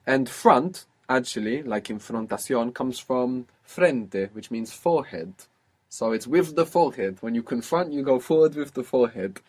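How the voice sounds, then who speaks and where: Male tutor, husky, patient and explanatory, talks through rules with hesitations. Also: mid-range voice, expressive, normal speed. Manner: patient, explanatory, with frequent uh fillers. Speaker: language teacher. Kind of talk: recorded language lesson.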